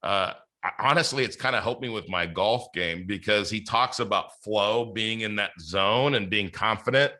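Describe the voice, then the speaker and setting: A man's voice: on the low side, moderate pace, hardly any pauses, pushed and bright. A man hosting a podcast interview, chatting casually with plenty of fillers and restarts. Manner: rambling, many fillers and restarts. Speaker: podcast host.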